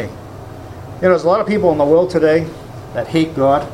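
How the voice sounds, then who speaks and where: Emphatic, high-voiced male preacher. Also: normal speed, a little mellow, slight background noise. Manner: emphatic preaching, quoting scripture, rhetorical questions. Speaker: pastor. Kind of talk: sermon.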